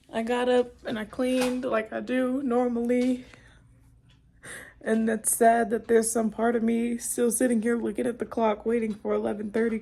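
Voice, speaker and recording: A young woman crying on and off as she talks to her camera. Her voice is mellow and dark, with a gravelly fry running through it, and she rambles and restarts as she talks. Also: fairly high pitch. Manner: emotional, tearful, rambling. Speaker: vlogger. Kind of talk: personal vlog, talking to camera.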